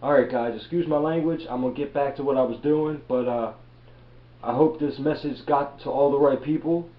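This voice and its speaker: In a dull, lo-fi recording from an echoey room, a thirtysomething Baltimore man rants with blunt profanity in a motivational reselling vlog. He keeps a medium pitch, steady tone, and moderate pace.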